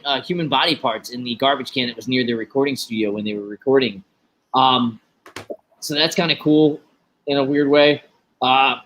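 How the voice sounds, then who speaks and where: A man co-hosting a music podcast, chatting casually and laughing often as he tells stories. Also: on the high side. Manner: animated, laughs often, loose storytelling. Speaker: podcast co-host. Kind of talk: casual chat.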